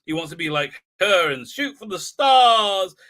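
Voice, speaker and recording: A man hosts a live stream, recapping an episode in a rambling, sarcastic way. He leans heavily on fillers and repeats himself. His voice is very bright and sharp, and it sits a little high. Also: animated, a little slow. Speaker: host.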